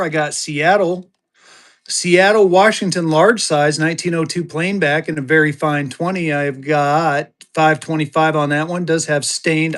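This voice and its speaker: Colorado guy selling on a live stream, quick salesy patter, voice sits a bit high. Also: fairly bright tone. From Colorado, USA. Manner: fast-talking, salesy, upbeat patter. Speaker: live-stream currency seller.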